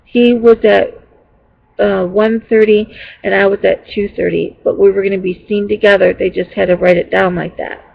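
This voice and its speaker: A woman vlogger rambles through a casual story for her viewers, restarting her sentences and filling gaps with ums. Her voice has a gravelly, creaky edge, and she sounds exasperated as she retells it. The sound is dull and lo-fi, like a basic home recording. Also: mid-range voice, little pitch movement, normal speed, slight background noise. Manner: rambling, with many fillers and restarts.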